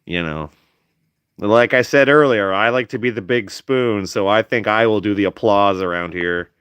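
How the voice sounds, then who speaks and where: A man's voice: fairly low pitch, normal speed, a bit bright, smooth, dry recording. A sleepy young man hosting a casual stream, reading chat in a playful, teasing way.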